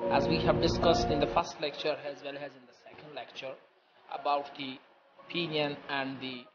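A man teaching a recorded language lecture, explaining step by step in a deliberate, repetitive way with many pauses. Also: mid-range voice. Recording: dull lo-fi audio with loud music.

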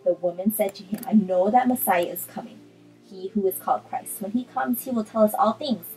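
A woman's voice: medium pitch, a little fast, warm tone, soft background music, poor audio. A woman vlogger chatting casually with lots of ums, then reading a Bible chapter aloud. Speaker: art vlogger. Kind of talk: casual chat and scripture reading.

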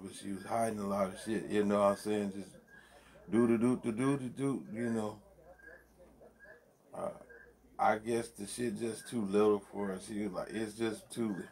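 A man's voice: lowish voice, darkish tone. A man vlogging from his home man cave, chatting loosely and profanely and laughing often as he rambles. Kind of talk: casual rambling commentary.

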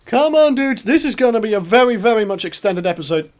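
A young man commentating his own gameplay, excitable, laughing often and shouting when in trouble. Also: sits high, quick pace. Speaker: gaming channel host. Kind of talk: let's play commentary.

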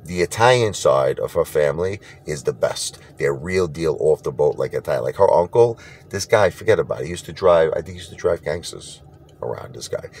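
A man's voice: extremely low pitch, a little hiss or hum. A man ranting casually to camera in a blunt, rambling way, often repeating himself. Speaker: vlogger.

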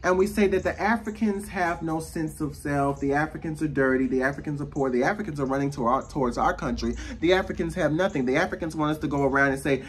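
A man's voice: fairly high pitch, a little fast, a little hiss or hum. A man with an American accent delivering a profane, sassy rant to camera, slipping into mocking voices. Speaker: vlogger. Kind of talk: ranting monologue.

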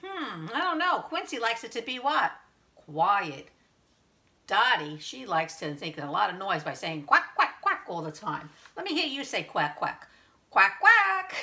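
A woman preschool teacher reading a picture book aloud to young children in slow, sing-song teacher talk, asking them questions. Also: medium pitch, gravelly, pushed and bright.

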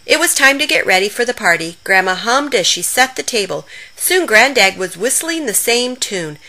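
Animated woman reading a kids' story. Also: a little high, moderate pace, low-quality recording. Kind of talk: children's story read-aloud.

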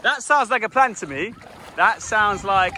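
A man's voice: high voice, expressive, unhurried, bright, forceful tone. A man talking to the camera on a travel vlog, playful and joking. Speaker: travel vlogger. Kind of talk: casual vlog narration. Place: outdoors on a beach and street. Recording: outdoor noise around the camera mic.

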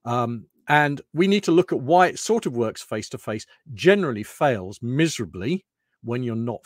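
A man's voice: medium pitch, no echo, clean studio sound. A middle-aged British man from the UK giving a rambling, anecdotal lunchtime talk. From United Kingdom. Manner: rambling, anecdotal, loose restarts. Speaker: presenter.

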